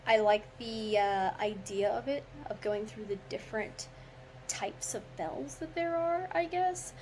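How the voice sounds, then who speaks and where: A woman's voice: mid-range voice, unhurried, darkish tone, a little hiss or hum, poor audio. A woman podcast host reading a poem aloud with theatrical flair, tripping over words now and then, then chatting casually with lots of filler. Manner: theatrical recitation with stumbles, chatty filler-heavy talk after. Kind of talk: dramatic poetry reading then casual chat.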